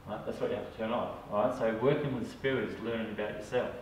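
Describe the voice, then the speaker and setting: A man from Australia, a psychic medium, speaks quickly to a small group in a lowish voice with fairly even intonation. He's chatty and keeps checking "all right?", and the far-off mic picks up room echo plus a little hiss or hum.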